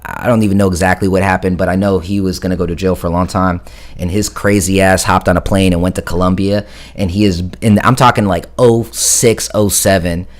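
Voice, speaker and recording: Low-voiced man telling a rough story. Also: steady tone, a little fast. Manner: profane, rambling, corrects himself often. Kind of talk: casual storytelling.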